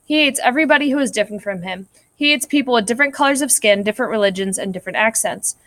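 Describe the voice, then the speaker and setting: A woman's voice: fairly high pitch, very fast, a bit bright, no echo, natural voice. A woman voicing a dutiful male clerk of a heavenly court, reporting sins in a matter-of-fact way in a read-aloud story.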